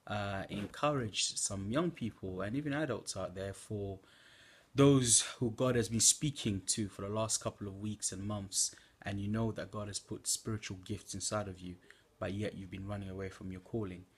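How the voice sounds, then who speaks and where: A man's voice: lowish voice, normal speed, slight background noise. A young man giving an earnest preaching testimony from home at night, exhorting listeners with fillers. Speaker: church member giving a testimony.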